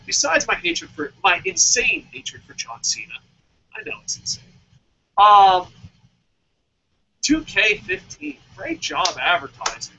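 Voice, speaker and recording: A man with a very high, bright, sharp voice that swings widely as he talks. He chats on a podcast, excitable and profane, breaking into mock-dramatic rants. The audio is dull and lo-fi. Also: breathy edge. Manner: excitable, swears a lot, mock-dramatic outbursts. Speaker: podcast co-host. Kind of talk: casual podcast chat.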